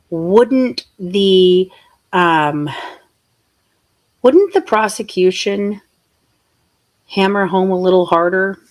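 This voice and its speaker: Female true crime host, lower voice, animated and incredulous, fires off rhetorical questions. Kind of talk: true crime commentary video.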